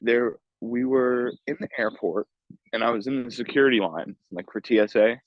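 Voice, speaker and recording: A man's voice: medium pitch, normal speed, dry recording. Young New York man, podcast host, slangy profane storyteller, muffled lo-fi audio. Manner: swearing, filler-heavy street slang. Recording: dull lo-fi remote audio.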